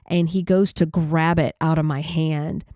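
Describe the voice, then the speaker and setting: Low-voiced woman telling her story. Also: fairly even intonation, warm tone, dry recording, clean studio sound. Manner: halting, many restarts and fillers. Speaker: podcast host. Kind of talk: personal storytelling.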